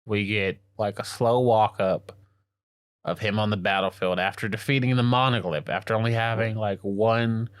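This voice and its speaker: A man co-hosting a podcast, recapping a story in an excited, slangy way and acting out the characters' lines as he goes. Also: fairly low pitch, moderate pace, clean tone, no room sound. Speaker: podcast co-host. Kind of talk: casual anime recap chat.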